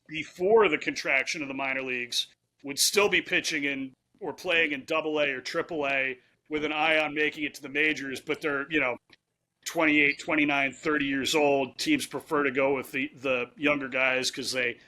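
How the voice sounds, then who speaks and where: A man's voice: a little high, fairly even intonation, normal speed, pushed and bright. A man hosting a podcast, chatting casually and asking questions with long setups. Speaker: podcast host. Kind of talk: casual interview.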